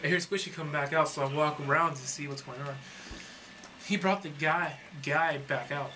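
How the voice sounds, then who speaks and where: A man reads his own fan story aloud to friends in a casual read-through, rambling and correcting himself as he goes. His voice is on the high side, bright and forceful, with fairly even intonation at a moderate pace, and slight background noise.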